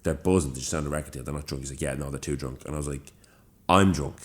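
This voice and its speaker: A young man from Ireland with a Dublin accent, co-hosting a podcast and telling an animated, swear-filled story. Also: very deep voice, rapid-fire. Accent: Dublin Irish. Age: young adult. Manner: animated storyteller, swears freely, acts out quoted lines. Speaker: podcast co-host. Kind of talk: casual storytelling chat.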